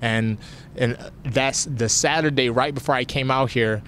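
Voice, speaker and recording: A man's voice: mid-range voice, fairly even intonation, unhurried, a bit bright, a little hiss or hum. A young man, a fighter, speaking candidly and with emotion in a post-fight interview, sometimes getting choked up. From family from Nigeria. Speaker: fighter interviewed after a win.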